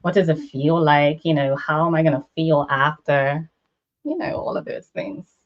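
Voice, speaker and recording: A woman's voice: low-pitched, fairly even intonation, normal speed, lo-fi sound. A woman co-hosting a casual conversation on a video call, affirming and enthusiastic.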